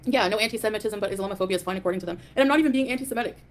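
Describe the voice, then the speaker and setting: This live stream host talks in rapid-fire bursts with a mid-range voice. Defiant and dismissive, she greets her chat and launches into a casual rant.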